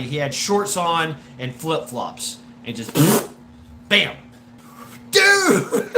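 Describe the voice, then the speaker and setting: Guy telling a rowdy story, a bit high-pitched, stumbling over words and swearing, laughs a lot. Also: pushed and bright, slight background noise. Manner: halting, repeats words, profane, laughs often. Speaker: storyteller recounting a personal anecdote. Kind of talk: casual rambling storytelling.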